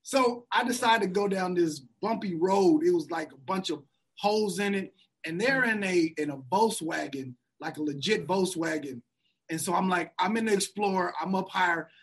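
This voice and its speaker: Laughing storyteller man with a husky voice. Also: high voice, normal speed. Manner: animated storyteller, laughs often, acts out quotes. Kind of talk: casual storytelling chat.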